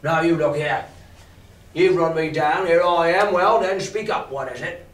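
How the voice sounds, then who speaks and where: A teacher doing a gruff old sea captain. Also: male voice, fairly high pitch, normal speed, a bit bright, natural voice. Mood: wary. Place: classroom. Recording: echoey classroom from far off.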